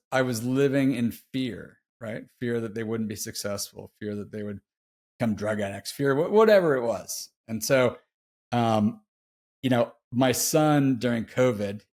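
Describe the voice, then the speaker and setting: A man's voice: mid-range voice, darkish tone. A middle-aged man telling a personal story as a podcast guest, laid-back and slangy, heartfelt and confessional. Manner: laid-back, slangy, peppers speech with "dude". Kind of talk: casual interview storytelling.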